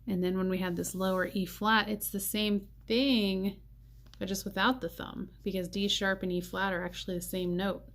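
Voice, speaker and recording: A woman teaching a saxophone part, thinking aloud and counting rhythms out loud. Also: medium pitch, little pitch movement, moderate pace. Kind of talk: music lesson walkthrough.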